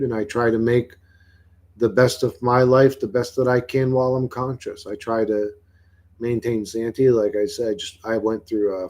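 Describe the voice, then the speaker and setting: A man's voice: fairly low pitch, darkish tone. Rambling, foul-mouthed man on a livestream. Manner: profane, blunt and rambling. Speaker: livestream host.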